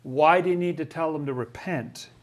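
A man's voice: fairly high pitch, moderate pace. A man leading a casual Bible study, thinking aloud and asking questions about the passages.

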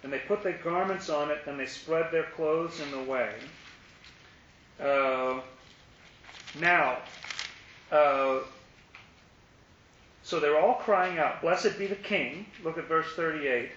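Animated man teaching a Bible study. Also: on the high side, slow, long pauses. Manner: animated, asks questions, acts out the crowd's lines. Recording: echoey, muffled room recording with faint hiss.

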